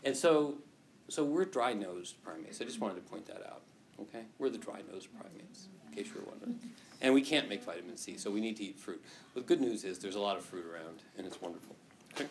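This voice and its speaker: A man's voice: on the low side, a bit bright. A male teacher lecturing to a class and telling a story against himself, rambling with many restarts and frequent laughs.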